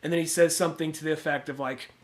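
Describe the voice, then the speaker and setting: A man's voice: fairly high pitch, steady tone, rapid-fire. A young man co-hosting a podcast, telling stories in a rambling way with many fillers and restarts. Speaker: podcast co-host. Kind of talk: casual chat.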